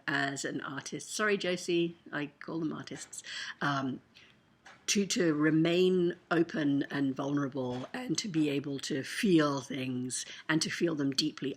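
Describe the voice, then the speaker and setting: Husky-voiced woman teaching writing. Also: sits low, fairly bright tone. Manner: candid, emotional, chatty with frequent fillers. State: tired. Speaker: writing coach. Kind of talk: casual teaching monologue to camera.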